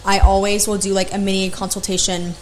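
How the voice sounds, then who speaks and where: A woman esthetician telling stories in a casual podcast chat, animated, frank and profane. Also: medium pitch, brisk, slight background noise, poor audio.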